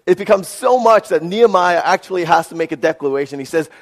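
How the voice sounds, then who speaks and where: A man preaching a sermon, telling a personal story in an earnest, animated way and often checking in with "right?". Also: high voice, fast. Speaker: pastor. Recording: reverberant hall.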